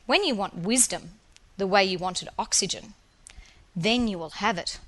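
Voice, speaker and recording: A woman voicing a wise old male philosopher who speaks calmly and quietly. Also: mid-range voice, pitched below the performer's own voice, close to an everyday voice. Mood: solemn. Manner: calm, measured, quiet.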